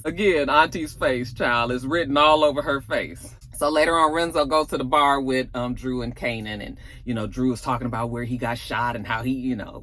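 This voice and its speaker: A woman's voice: a bass voice, fairly bright tone, dry recording. A woman recapping a TV episode in a sassy, casual way, full of fillers and asides. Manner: chatty and sassy, with plenty of fillers. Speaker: TV recap vlogger.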